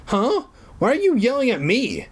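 A man's voice: extremely high pitch, wildly swooping pitch, moderate pace, slightly rough, pitched above the performer's own voice, full character voice. A man voicing a sleepy young boy who whines and insists he is telling the truth. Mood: sleepy insistent. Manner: whiny, defensive.

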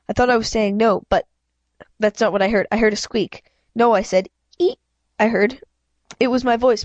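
A woman's voice: fairly high pitch, no room sound. A woman reading a children's novel aloud in a plain voice, often stumbling and correcting herself. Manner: plain reading with frequent slips and self-corrections. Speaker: reader of a book. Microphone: home microphone, self-adjusted.

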